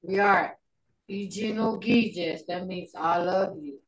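Woman, language teacher on a video call, patient and slow, repeats words for learners. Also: lowish voice, poor audio. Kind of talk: online language class.

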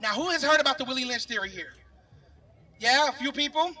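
A middle-aged rally speaker pours earnest feeling into his outdoor speech, calling the crowd "y'all" as he addresses them directly. His very high voice is bright and forceful, with lively intonation and a slightly quick pace, captured from a distance.

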